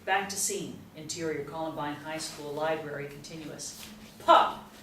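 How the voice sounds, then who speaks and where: A woman reading a screenplay's stage directions aloud in a crisp, matter-of-fact way. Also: low-pitched, steady tone, moderate pace, a bit bright. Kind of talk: screenplay table read narration. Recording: roomy, distant mic, faint hiss.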